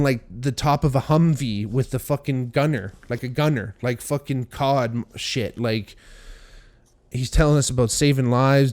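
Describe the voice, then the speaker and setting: A man's voice: medium pitch, smooth. Profane young man telling a story. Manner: profane, animated storytelling with voiced quotes. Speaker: podcast host. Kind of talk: casual storytelling.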